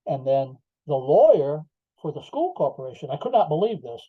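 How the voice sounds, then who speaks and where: A man's voice: on the high side, sing-song, moderate pace, husky, no room sound. An older man, a podcast guest, telling his story emphatically with rhetorical asides. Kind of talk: interview storytelling. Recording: slightly dull lo-fi audio.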